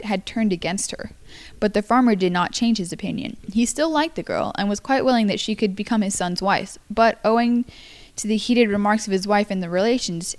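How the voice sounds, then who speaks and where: Young woman, amateur storyteller, halting read with frequent slips. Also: mid-range voice, darkish tone. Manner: halting, stumbles and apologizes. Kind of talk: casual read-aloud of a folktale.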